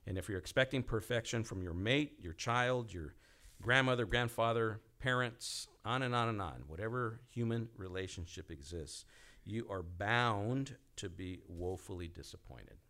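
A man's voice: fairly low pitch, a bit bright. A male pastor preaching a conversational sermon, speaking directly to the congregation and acting out the pleas he quotes. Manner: conversational, repeats and restarts, acts out quoted pleas.

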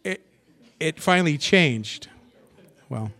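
A pastor delivers a sermon to his congregation, reading scripture aloud and commenting on it. His fairly high voice moves slowly, sinking to hushed asides and climbing to excited bursts.

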